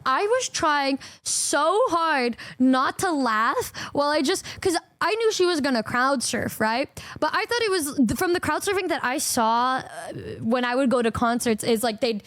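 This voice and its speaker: A woman streamer chatting casually to her fans, excitable and giggly, swearing freely. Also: sits high, moderate pace, no room sound. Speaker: singer and streamer.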